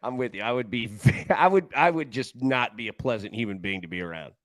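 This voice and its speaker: A man's voice: medium pitch, lively intonation, brisk, no room sound. A man hosting a live sports betting show in casual chat, jokey and rambling, laughing often.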